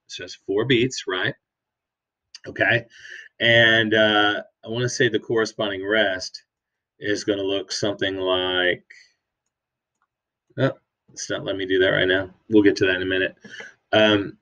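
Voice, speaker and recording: A man's voice: on the low side, fairly even intonation, normal speed, fairly bright tone, lo-fi sound. Upbeat man teaching a music lesson. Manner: enthusiastic, counts and chants rhythms aloud. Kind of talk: upbeat classroom video lesson.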